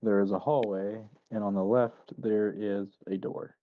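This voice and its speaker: A man narrating a tabletop game as dungeon master, in a relaxed, casual manner. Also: on the low side, a little slow, phone-quality sound.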